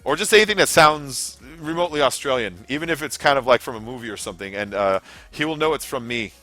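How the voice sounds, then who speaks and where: A man's voice: mid-range voice, a bit bright. Chatty American man streaming games. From United States. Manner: chatty, rambling, laughs at own jokes. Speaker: streamer hosting game lobbies. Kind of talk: casual live-stream commentary. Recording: faint background music.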